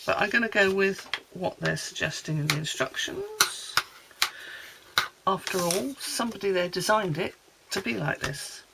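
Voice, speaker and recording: A Welsh card-making crafter chats in a homely way at her desk, rambling with asides as she works through a casual tutorial. Her medium-pitched voice has big pitch swings, vocal fry, and a moderate pace, and the recording is very noisy.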